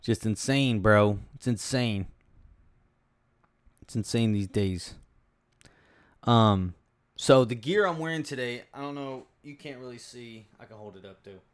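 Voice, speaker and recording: Speaking in a mid-range voice that's smooth and measured, this young podcast host pauses often as he wanders through his stories. He's casual and profane, chatting solo in a relaxed storytelling style. The sound is dry.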